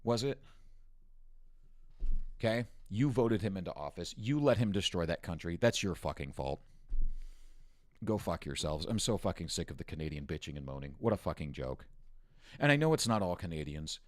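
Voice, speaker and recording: Low-voiced male stream host from the US, angry profane mocking rant, dry close recording. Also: lively intonation, moderate pace, pauses often, dry recording. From United States. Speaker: news commentary host. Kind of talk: ranting political commentary stream.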